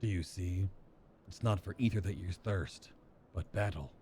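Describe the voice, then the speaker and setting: A man voicing a brooding male armored villain in a low, hushed, measured way. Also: slight background noise, lightly acted. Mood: grave.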